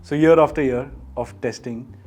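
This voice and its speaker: A man's voice: mid-range voice, moderate pace, darkish tone, soft background music. A man presenting a discussion, upbeat and chatty, asking questions of the panel. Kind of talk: casual discussion.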